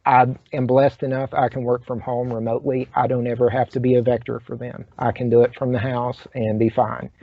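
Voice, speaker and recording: A man hosting a casual talk show, speaking haltingly with many fillers and restarts. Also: mid-range voice, little pitch movement, creaky, no room sound. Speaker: host. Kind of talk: casual chat. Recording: dry, dull lo-fi sound.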